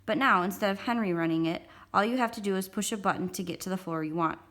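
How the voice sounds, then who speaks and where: A woman reading a children's chapter book aloud as a storytime host, calm first-person narration. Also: medium pitch, fast. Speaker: storytime reader.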